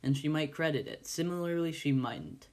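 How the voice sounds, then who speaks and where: Slow ponderous blacksmith guy, kind and plain-spoken, a bit lower and quieter, as a guy reading aloud puts him on. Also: lightly acted. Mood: pondering. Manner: ponderous, deliberate, rustic grammar. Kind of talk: amateur audiobook reading.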